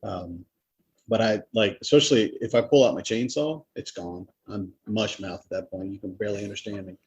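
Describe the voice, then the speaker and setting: Podcast co-host, Southern American man, low husky voice, storyteller who acts out quotes, dull lo-fi sound. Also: brisk, darkish tone. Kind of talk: casual chat.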